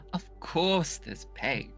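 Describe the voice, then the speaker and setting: A woman's voice: fairly low pitch, lively intonation, very slow, faint music behind, exaggerated voice. A woman voicing a sly, theatrical fae steward who talks in flowery, fawning phrases and pet names. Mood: flattering.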